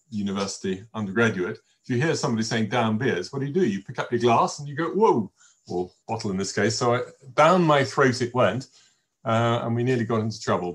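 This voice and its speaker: An older man giving an informal wine-tasting talk from home, telling anecdotes with many ums and restarts. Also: lowish voice. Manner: rambling anecdotal storyteller with many fillers and restarts. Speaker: wine presenter. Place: home in a village.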